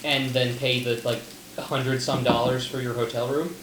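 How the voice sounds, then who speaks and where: A man's voice: mid-range voice, level tone, normal speed. A young man co-hosting a casual podcast chat, rambling through stories, swearing and laughing often. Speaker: podcast co-host. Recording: roomy echo, faint room noise.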